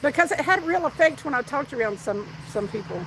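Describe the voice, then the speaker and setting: High-voiced woman with a Southern accent. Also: expressive, fast talker, noisy background. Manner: chatty, reads out viewer comments and tells stories. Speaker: fishing livestream host. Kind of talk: casual live-stream chat.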